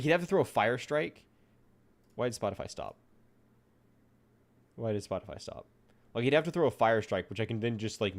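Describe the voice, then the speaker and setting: Rambling man streaming while he draws. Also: fairly low pitch. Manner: rambling and playful, talks to himself while working. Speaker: VTuber streamer. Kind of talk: casual live-stream chat while drawing.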